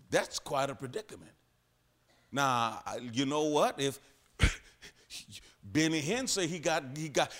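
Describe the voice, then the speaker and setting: A man preaching a sermon. He swings between loud, forceful passages and hushed ones, and acts out Bible characters as he goes. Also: on the high side. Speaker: pastor.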